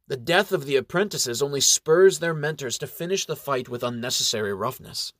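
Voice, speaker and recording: A man's voice: medium pitch, fairly quick, few pauses, a bit bright, no room sound, clean studio sound. Man telling a fantasy tale. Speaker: narrator. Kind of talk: storytelling narration.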